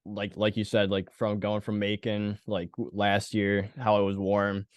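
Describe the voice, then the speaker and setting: A man's voice: fairly low pitch, completely flat delivery, dry recording, clean studio sound. A male podcast host from Illinois asking a guest questions in an easygoing, casual way. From Illinois, USA. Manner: easygoing, quick to laugh and react.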